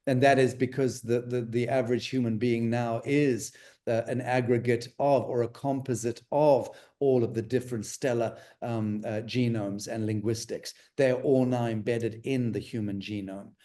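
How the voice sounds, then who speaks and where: A man's voice: medium pitch, steady tone, normal speed, warm tone. A man speaking as an interview guest in a rambling, conversational way, full of fillers and restarts.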